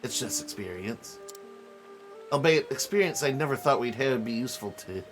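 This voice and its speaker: A man voicing a terse, blunt young male thief, reading game lines aloud in a flat manner. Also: medium pitch, normal speed, faint music behind, natural voice.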